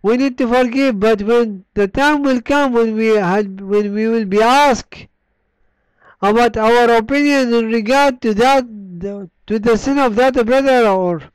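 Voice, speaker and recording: High-voiced, slow-preaching man. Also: smooth, dry recording, rough recording. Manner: slow, deliberate preaching with long pauses and falling line endings; reads scripture aloud in an earnest tone. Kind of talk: sermon.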